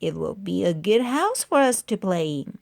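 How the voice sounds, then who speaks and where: A woman's voice: mid-range voice, big pitch swings, moderate pace, gravelly, a little mellow. A woman reading as an earnest little boy. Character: keen little boy who likes to draw.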